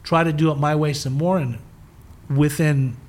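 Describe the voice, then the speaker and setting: Animated man telling his story. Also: fairly high pitch, moderate pace. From southern California. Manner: animated storyteller acting out quoted voices. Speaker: guest. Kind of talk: storytelling in a recovery interview.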